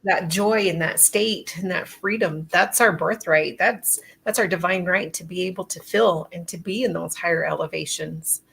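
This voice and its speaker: A woman hosting a casual interview, her voice low and gravelly. She responds in an affirming, reflective and supportive way, with a husky edge to her speech. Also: steady tone, moderate pace, few pauses, a bit bright. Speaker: podcast host.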